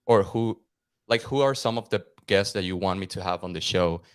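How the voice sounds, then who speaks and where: A man's voice: sits low, moderate pace, smooth, no room sound, studio quality. A man hosting a podcast, upbeat and friendly, introducing his guest with fillers. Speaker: podcast host. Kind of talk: casual interview hosting.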